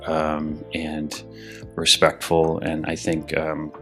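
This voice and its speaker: A man who is an actor talks casually in an interview. He rambles with many restarts and repeated words, and acts out his own frantic thoughts in a loud, high voice. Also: completely flat delivery, takes it slowly, soft background music.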